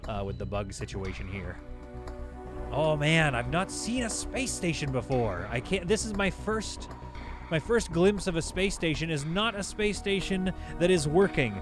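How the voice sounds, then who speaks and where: A man's voice: a little high, normal speed, music in the background. Chatty man narrating a game. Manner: chatty, excitable, laughs often. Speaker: gaming YouTuber. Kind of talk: casual let's-play commentary.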